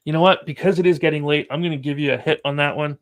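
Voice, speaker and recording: Male game master, slightly high voice, casual combat narration over dice rolls. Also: fairly even intonation, quick pace. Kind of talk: running a tabletop horror game.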